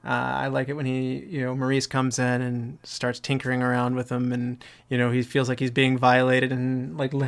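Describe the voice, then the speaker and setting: A man's voice: medium pitch, creaky. A man hosting a casual movie podcast roundtable, talking in a rambling way with many fillers and restarts. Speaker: podcast host.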